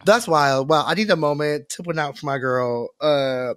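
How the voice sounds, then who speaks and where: A man's voice: fairly high pitch, moderate pace, a bit bright, no room sound, studio quality. A man co-hosting a podcast, sassy and dramatic, full of playful slang. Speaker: podcast co-host. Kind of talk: casual chat.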